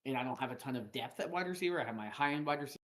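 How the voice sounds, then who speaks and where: A man's voice: mid-range voice, animated, very fast, a bit bright. Man, mid-range voice, casual streamer talking through fantasy picks on a desk mic, loose and rambling. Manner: loose, filler-heavy analysis with frequent restarts. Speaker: fantasy football stream host. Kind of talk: casual live-stream chat.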